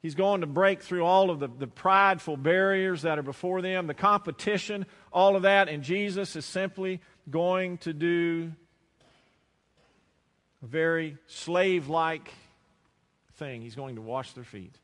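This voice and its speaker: A man with a Southern American accent preaching a sermon, telling stories and slowing down or dropping to a hush to stress a point. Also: sits high. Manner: storytelling preacher, slows and drops to a hush for emphasis. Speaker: pastor. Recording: long reverb of a large hall.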